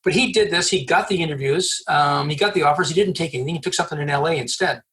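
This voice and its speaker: A man from Canada, a recruiter guest on a podcast, telling animated stories with acted-out dialogue and frequent restarts. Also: fairly high pitch, fast talker. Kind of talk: storytelling interview answers.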